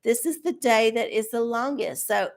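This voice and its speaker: A woman's voice: a little high, moderate pace, vocal fry. A middle-aged woman hosting a livestream, ranting bluntly and sarcastically with a lot of swearing. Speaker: livestream host. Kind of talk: profane ranting chat.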